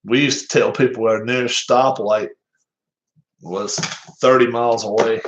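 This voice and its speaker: A man with a Southern American drawl hosts a tabletop baseball replay in a relaxed, chatty way. He calls each play loosely, wanders into stories and laughs at himself often. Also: medium pitch, a little slow, long pauses, dull audio, a little hiss or hum. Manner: chuckles often, rambling, self-deprecating. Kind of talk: casual play-by-play chat.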